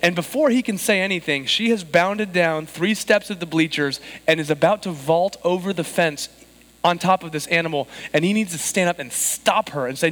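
A man's voice: high-pitched, a little fast. Man preaching in a reverberant church. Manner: storytelling, animated quoted voices. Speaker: pastor. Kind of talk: sermon. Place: church sanctuary.

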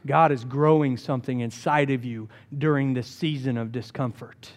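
A man's voice: mid-range voice, moderate pace. A man preaching a sermon as pastor, telling stories with playful jokes. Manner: animated storytelling with jokes.

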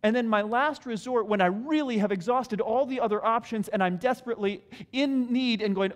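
A man preaching a sermon in a hall, animated, acting out prayers in different voices. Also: very high-pitched, fairly quick, hardly any pauses. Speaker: pastor. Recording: long hall reverb.

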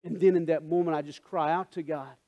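A male pastor preaching a sermon, swinging between hushed prayer and loud, emphatic calls to the congregation. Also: on the high side, steady tone, brisk, muffled recording. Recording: faint guitar music underneath.

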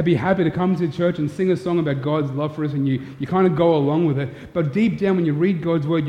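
A man preaching a sermon, earnest and storytelling, putting direct questions to his listeners. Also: on the high side. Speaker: pastor. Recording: echoey hall, dull lo-fi sound.

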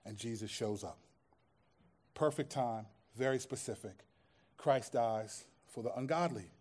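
A man's voice: medium pitch, a little slow, darkish tone. A man preaching a sermon as pastor, in a conversational way that acts out everyday scenes and quoted voices.

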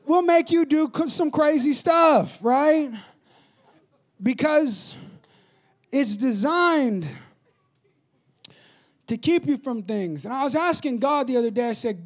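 A man preaching a sermon to a congregation, telling funny stories and acting out voices in an animated way. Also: very high-pitched, measured pace. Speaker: pastor. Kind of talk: sermon with storytelling.

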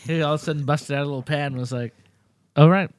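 A man's voice: fairly high pitch, steady tone, racing. A man telling a rambling, laugh-filled story in a casual chat with friends, full of "like" fillers.

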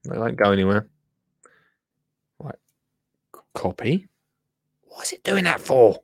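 A man's voice: medium pitch, sing-song, measured pace, long pauses, breathy edge, dry recording, studio quality. A man hosting a casual livestream, chatty and laughing, often muttering to himself and trailing off while he works the computer. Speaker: livestream host. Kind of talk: casual live-stream chat.

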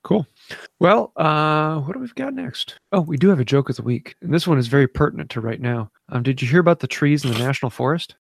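A man's voice: fairly high pitch, expressive, fairly quick, creaky, a little hiss or hum. A man co-hosting a woodworking podcast, chatting casually and laughing easily. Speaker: podcast co-host. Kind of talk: casual chat.

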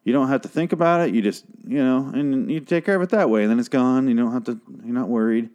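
A man's voice: medium pitch, animated, fast, darkish tone. A young man giving a casual, profane, rambling recap of a TV episode, with crude, exasperated rants. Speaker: show recap podcaster.

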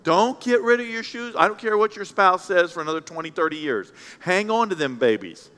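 A male pastor gives a brisk, smooth sermon full of playful animation, swinging between loud outbursts and quiet asides. His high voice comes across bright and forceful, ringing with the long reverb of a big church hall.

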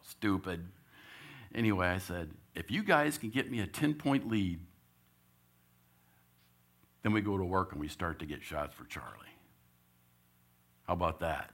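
A man, a church elder, telling a lively story in a sermon and acting out his own lines. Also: a bass voice, vocal fry.

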